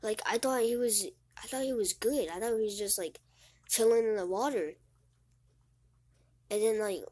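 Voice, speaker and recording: A teenage girl talks straight to the camera in a halting, rambling way, stumbling over and repeating her words. She sounds sad and close to tears. Her voice sits at an ordinary pitch and is recorded close and dry, with no room sound. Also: darkish tone, no echo. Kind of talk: casual vlog monologue.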